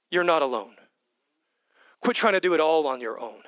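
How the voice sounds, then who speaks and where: A man preaching a sermon with passion, repeating phrases and swinging from loud calls down to whispers. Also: sits high, lively intonation, normal speed, dry recording.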